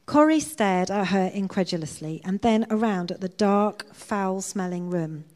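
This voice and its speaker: A woman reading a book extract aloud to a church congregation in a measured storytelling way. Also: medium pitch, lively intonation, a little mellow. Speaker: scripture reader. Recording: long church reverb.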